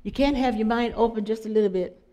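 A middle-aged woman preaching an inspirational sermon, talking conversationally, putting questions to her listeners and dropping into soft, prayerful asides. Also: on the high side, quick pace. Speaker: spiritual speaker.

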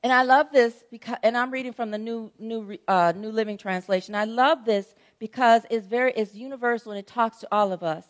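A woman's voice: a little high, brisk, hardly any pauses. A middle-aged woman pastor giving a sermon in a conversational, storytelling way, often checking in with her listeners. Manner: conversational storytelling preaching, frequent "right?" asides.

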